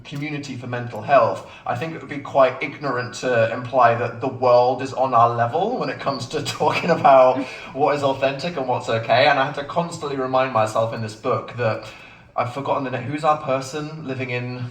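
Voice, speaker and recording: A man, an author chatting on stage at a book event Q&A, self-mocking and quick to laugh. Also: mid-range voice, far from the mic. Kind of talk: live on-stage Q&A chat. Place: bookshop event space with a live audience. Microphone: phone recording from the audience. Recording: echoey room taped from afar.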